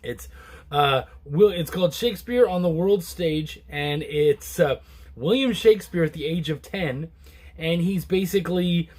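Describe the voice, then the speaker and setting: A man reviewing a comic book in a casual, relaxed chat to camera, rambling with many restarts and fillers. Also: unhurried. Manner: relaxed and low-key.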